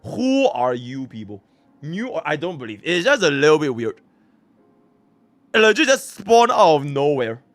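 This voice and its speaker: A young man from Singapore streaming live, chatting casually with his viewers and swinging between low mumbles and excited shouts. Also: normal speed, dry recording. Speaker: livestreamer.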